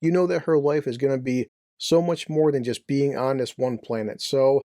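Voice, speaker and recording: A man's voice: medium pitch, normal speed, dark tone, no echo, studio quality. A man giving a casual, brash, joking movie review with some profanity.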